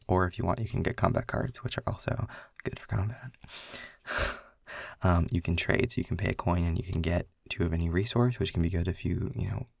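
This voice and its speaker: A man's voice: deep voice, creaky, dry recording. A young man in a casual boyfriend role-play, rambling through game rules with lots of filler words. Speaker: audio role-play creator.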